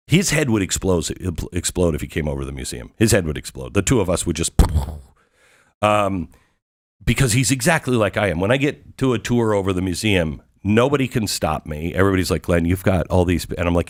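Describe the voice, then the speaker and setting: A fairly low-voiced man hosting a talk show, telling a story in a monologue. He is eager and excitable, leans hard on his key words and fires off rhetorical questions. He sounds like he is speaking in a studio. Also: normal speed. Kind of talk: monologue recounting a visit.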